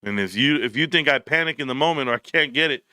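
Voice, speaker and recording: Blunt, bright-voiced man. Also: mid-range voice, fast talker, no echo. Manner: blunt, animated storytelling with slang. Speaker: livestream host. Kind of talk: casual livestream chat.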